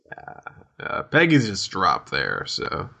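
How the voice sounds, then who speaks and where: A man's voice: sits low, wildly swooping pitch, takes it slowly, gravelly, sharp tone. A man in casual chat, adding dry quips and frequent short affirmations.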